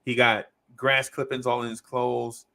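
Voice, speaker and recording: A man's voice: medium pitch, measured pace, creaky. A man on a podcast telling a long story in casual chat, acting out the people in it. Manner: animated storyteller, acts out quoted voices. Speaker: podcast host.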